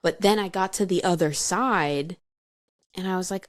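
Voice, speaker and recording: Recorded cleanly in the studio with no echo, a woman with a lowish voice talks at a moderate pace. On a podcast she plainly describes her past, laughing at her own expense and peppering her talk with "like."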